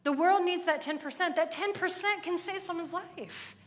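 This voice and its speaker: A woman's voice: extremely high pitch, moderate pace. A woman in her thirties giving a chatty, earnest sermon with lots of asides. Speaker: church speaker. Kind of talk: conversational sermon. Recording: echoey hall.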